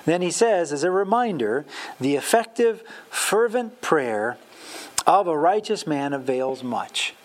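A man's voice: fairly high pitch, lively intonation, unhurried. A man giving a conversational Bible teaching, chatty and self-deprecating, with plenty of fillers.

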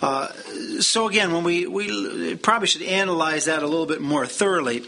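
High, bright-voiced male Bible teacher. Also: normal speed, vocal fry. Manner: conversational, explaining with frequent fillers.

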